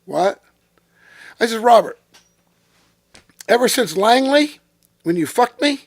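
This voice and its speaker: A man telling a story in a casual interview, profane and animated, acting out what people said. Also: high-pitched, takes it slowly, creaky, long pauses, breathy edge, dry recording, clean studio sound. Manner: profane, animated storyteller who acts out quotes. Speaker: interview guest.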